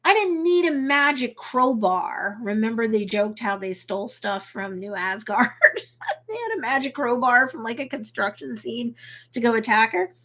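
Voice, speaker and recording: A woman's voice: on the high side, moderate pace, a bit bright. A woman, an attorney, casually recapping an episode on a live stream, talking loosely with many fillers. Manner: briefly acts out quotes. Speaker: attorney hosting a reaction show.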